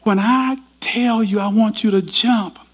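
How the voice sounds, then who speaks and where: A man's voice: sits high, steady tone, a little slow, voice pushed up. A man playing a desperate calling father. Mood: urgent. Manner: urgent, coaxing, calling out. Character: desperate father calling to his son through a fire.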